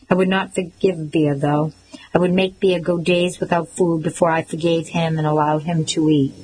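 A woman narrating a first-person novel, measured and expressive. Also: deep voice, slight background noise, rough recording. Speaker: audiobook narrator.

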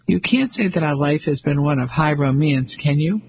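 A pompous 55-year-old banker, patronizing and blustering, as a man acts him out. The voice is very husky and gravelly, with a slightly raised pitch. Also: animated, moderate pace, full character voice, rough recording.

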